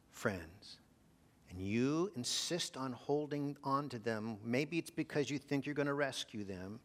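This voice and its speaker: A man preaching a sermon, asking his congregation rhetorical questions and dropping to a hush for emphasis. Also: medium pitch. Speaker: pastor.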